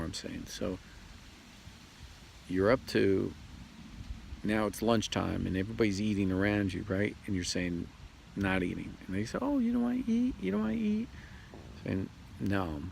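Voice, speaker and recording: A man giving a rambling, casual spiritual talk outdoors, repeating himself and slipping into quick voices for other people. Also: deep voice, creaky. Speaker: spiritual video host. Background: outdoor ambience, traffic and birds.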